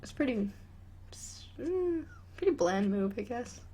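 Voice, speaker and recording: Sarcastic young woman with a husky voice. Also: fairly high pitch, big pitch swings, mellow. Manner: sarcastic, casual, quick asides. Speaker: storyteller reading fan fiction aloud. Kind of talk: reading aloud with sarcastic commentary.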